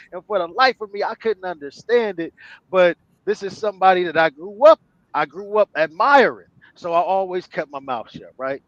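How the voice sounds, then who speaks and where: A man's voice: high-pitched, fairly bright tone, no room sound, dull audio. A man telling a long personal story on an online panel in loose, slangy street talk, full of fillers. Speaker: panel guest.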